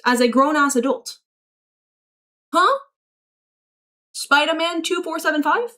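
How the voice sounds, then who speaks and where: A woman's voice: high-pitched, animated, moderate pace, pauses often, bright, forceful tone. A woman streamer chatting casually and reacting aloud as she reads her chat, swearing freely and laughing often. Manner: chatty, reacts aloud while reading messages. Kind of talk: casual livestream chat reading.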